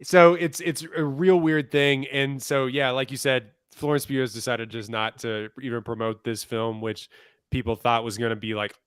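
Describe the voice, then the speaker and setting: A man's voice: mid-range voice, fairly even intonation, normal speed, smooth, dry recording, studio quality. A young adult man co-hosting a podcast in casual, gossipy chat with wry asides. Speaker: podcast co-host.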